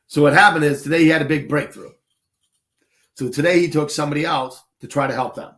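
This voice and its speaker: A man's voice: a little high, fast talker, fairly bright tone. A man hosting a casual livestream as a shooting instructor, blunt and swearing freely as he tells stories. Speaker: shooting instructor and stream host.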